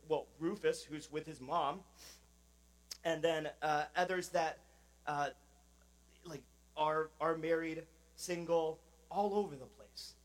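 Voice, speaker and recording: A man's voice: fairly high pitch, poor audio. A man, a pastor, giving a sermon in a conversational, informal manner with many fillers.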